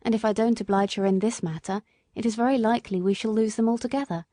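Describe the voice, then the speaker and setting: A woman's voice: a little high, quick pace, mellow, dry recording, studio quality, natural voice. Woman voicing a humble, earnest cabman. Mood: steady. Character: earnest, humble working-class male cabman.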